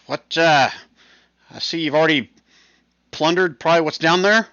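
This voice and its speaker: Brusque older woman explorer in an online tabletop game, put on lightly by a man, slightly raised, bright, dry, lo-fi. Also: fairly high pitch, moderate pace, no echo, pitched above the performer's own voice.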